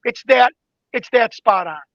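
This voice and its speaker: A man telling an investigation story in an interview, excited and acting out the exchanges he quotes. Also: very high voice, unhurried, no room sound, lo-fi sound. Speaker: guest investigator. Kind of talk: animated interview talk.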